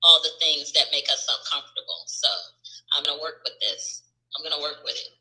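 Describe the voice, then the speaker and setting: A woman's voice: low voice, brisk, sharp tone, poor audio. A woman in a livestream study group, speaking candidly and emphatically about her own feelings. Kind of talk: livestream discussion.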